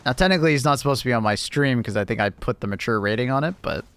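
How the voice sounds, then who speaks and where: This British gamer talks very fast while livestreaming, laughing, swearing at the game and responding to his viewers' messages in casual banter. His medium-pitched voice is expressive, smooth and a bit bright.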